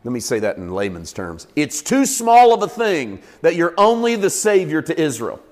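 A man's voice: fairly high pitch, huge pitch swings, moderate pace, in a large hall. A male pastor preaching a sermon in an emphatic, conversational way.

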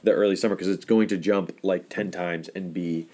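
A man's voice: deep voice, fairly even intonation, moderate pace, darkish tone. A man co-hosting a podcast, chatting casually and enthusiastically, often trailing off with "you know.". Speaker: podcast co-host. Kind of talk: casual chat.

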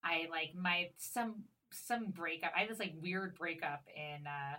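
Woman podcast host, sharp bright voice, laughs easily, talks in loose "like" fillers. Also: on the low side, measured pace. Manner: chatty, laughs often, fills with "like". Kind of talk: casual interview chat.

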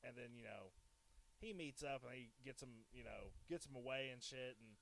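A man's voice: mid-range voice, normal speed, creaky, fairly bright tone. A man co-hosting a casual podcast, retelling a film plot in a laid-back way with many fillers. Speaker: podcast co-host. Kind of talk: casual movie discussion.

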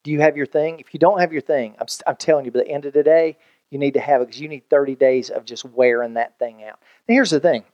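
A man pastor, preaching a sermon in an animated, conversational way with jokes and acted-out quotes. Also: mid-range voice, fast, no echo, muffled recording.

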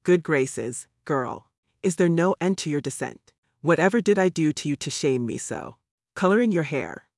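A man's voice: a little high, lively intonation, gravelly, darkish tone, no echo, studio quality. A man reading a fretful devout old great-aunt. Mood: scolding. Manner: scolding, rapid worried questions. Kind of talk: audiobook character voice.

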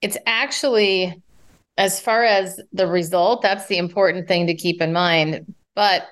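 A woman speech coach talks through communication tips. She speaks in an animated way and demonstrates vocal variety, rising and dropping her pitch as she explains. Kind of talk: advice interview.

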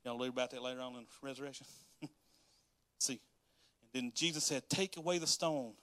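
A man preaching a sermon, walking through scripture verse by verse in a lively, animated way and acting out the quotes. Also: medium pitch, fairly quick, no echo. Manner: animated, laughs often, acts out quotes. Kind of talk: sermon reading and explaining scripture.

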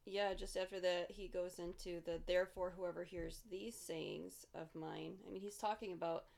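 A woman's voice: on the low side, fairly even intonation, moderate pace, creaky, a little mellow. A woman co-hosting a faith podcast, steadily reciting scripture and listing its points in short phrases. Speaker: podcast co-host.

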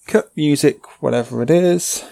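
Deadpan man on a voice call. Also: fairly high pitch, moderate pace, gravelly, soft background music. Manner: dry, deadpan joking. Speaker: podcast co-host. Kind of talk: casual chat, outtakes. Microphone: home microphone over a voice call.

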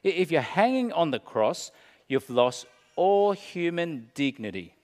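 A man preaching as a pastor, slow and dramatic, dropping to a hush and then rising. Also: a little high, sing-song, in a large hall. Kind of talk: sermon.

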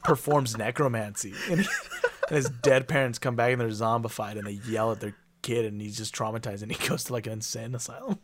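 A man in relaxed conversation who keeps riffing on his friend's ideas. He jokes freely and breaks into laughter often. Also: medium pitch, brisk, background noise. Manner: joking, laughs often, riffs on the other's ideas. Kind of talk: casual chat.

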